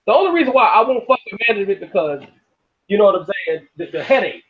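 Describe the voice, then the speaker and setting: A man's voice: high voice, big pitch swings, fast talker, a little hiss or hum. A man in casual chat as a podcast guest, blunt and profane, often asking "you know what I'm saying". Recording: dull lo-fi sound.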